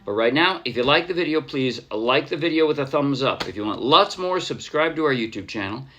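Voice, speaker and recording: A man giving a casual ukulele tutorial, chatting in a relaxed way, correcting himself and counting beats aloud. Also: mid-range voice, a little fast. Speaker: ukulele teacher. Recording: clear ukulele music behind voice. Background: ukulele playing.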